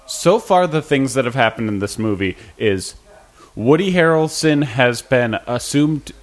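A man's voice: medium pitch, lively intonation, a little slow. A man co-hosting a casual movie podcast, blunt and wry. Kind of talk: casual movie-commentary chat.

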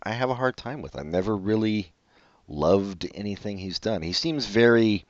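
A man's voice: fairly low pitch, moderate pace, no room sound. A man co-hosting a casual film podcast, rambling and trailing off, swearing when he slips. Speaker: podcast co-host. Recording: dry, dull lo-fi sound.

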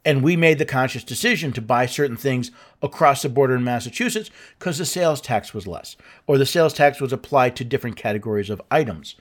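A man's voice: medium pitch, animated, brisk, few pauses. A man hosting a show, explaining his points in a casual, conversational way with fillers and restarts. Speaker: host. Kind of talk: explanatory commentary.

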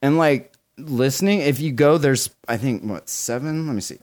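A man in his forties co-hosting a podcast, chatting casually, excited and swearing a lot. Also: mid-range voice, moderate pace. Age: 40s. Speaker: podcast co-host.

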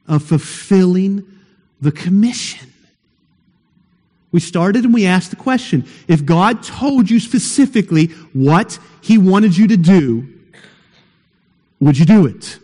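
Male pastor, high-pitched voice, slow deliberate sermon, long church hall reverb. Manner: emphatic preaching, rising to shouts at peaks.

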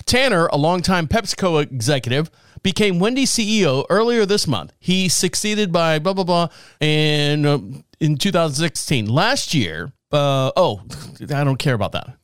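A man's voice: high-pitched, clear, resonant tone, no echo, clean studio sound. A man in his forties hosting a talk show, rambling and joking and laughing at his own jokes. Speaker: podcast host. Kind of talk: casual talk show monologue.

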